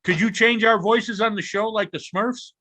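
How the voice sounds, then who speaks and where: A man's voice: sits high, normal speed, sharp tone, no echo. A man co-hosting a casual chat show, loose and jokey, swearing freely. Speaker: podcast co-host. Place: home studio.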